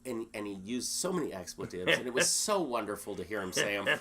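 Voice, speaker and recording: A man being interviewed, telling a story in a lively, animated way and acting out the quotes. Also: fairly low pitch, fast. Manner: animated storyteller, acts out quotes, many restarts. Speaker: guest.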